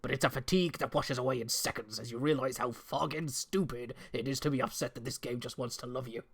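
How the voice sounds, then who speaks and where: Mid-range and fairly bright with a breathy edge, this man reads quickly in a steady tone. He's performing an absent male co-host's comic game review script aloud, turning a mock American voice into a put-on West Country accent, mock-grand and amused as he trips over mild fake swears.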